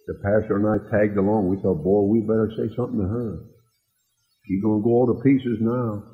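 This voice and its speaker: Slowly recounting a tender story as part of a sermon, this male preacher quiets to a low, gentle tone for the quoted lines. Long-echo hall acoustics and a thin, lo-fi quality color the audio.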